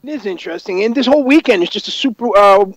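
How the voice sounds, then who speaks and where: A man's voice: sits high, expressive, quick pace, no room sound, dull audio. A man appearing as a guest analyst on a talk show, walking through fighters' records with a lot of "you know" fillers. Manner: fact-heavy, full of "you know" fillers. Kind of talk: casual call-in commentary.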